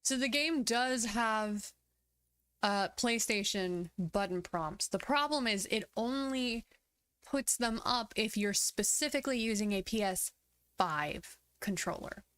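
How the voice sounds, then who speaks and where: A woman's voice: a little high, slow, a bit bright, smooth. A woman streamer chatting on a gaming livestream who talks frankly and bluntly and swears freely. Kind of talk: casual chat on a gaming livestream.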